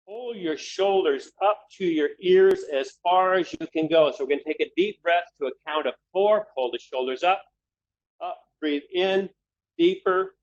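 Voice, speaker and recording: A man leading a webinar, guiding listeners through breathing and relaxation steps in a calm, unhurried way, repeating his cues in threes. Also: a little high, dull audio, a little hiss or hum. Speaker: webinar presenter leading a stress exercise. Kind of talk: guided breathing instruction.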